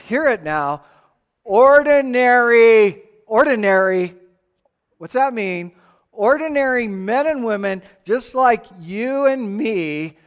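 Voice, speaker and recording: Animated high-voiced male preacher. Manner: animated, emphatic preaching with playful acted-out voices. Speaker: pastor. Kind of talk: sermon.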